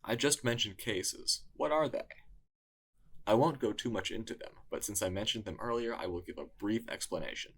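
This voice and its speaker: A man narrating a scripted lesson in a measured, explanatory way. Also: lowish voice, fairly bright tone, husky. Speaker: tutor.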